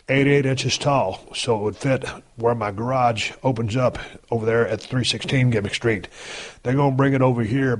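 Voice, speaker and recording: A man in his fifties hosting a podcast, talking in a casual, blunt and heavily profane folksy monologue. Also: mid-range voice. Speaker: podcast host.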